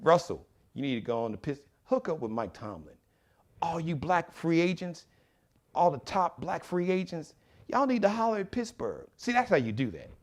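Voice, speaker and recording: A man hosting his own live show, talking with animated, preachy conviction and acting out other people's voices. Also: fairly high pitch, moderate pace. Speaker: show host.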